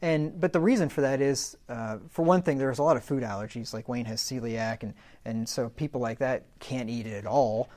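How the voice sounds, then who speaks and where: A man's voice: mid-range voice, normal speed, darkish tone. A man teaching a Bible lesson from the pulpit, in a conversational way with asides and self-corrections. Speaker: pastor. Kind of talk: sermon-style Bible teaching.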